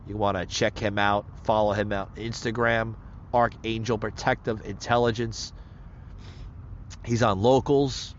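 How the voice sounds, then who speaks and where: A man's voice: lowish voice, slight background noise. A male podcast host, a little out of breath, rambling through a casual sign-off full of plugs and fillers. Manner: loose, rambling, repeats itself with fillers. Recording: slightly muffled lo-fi recording.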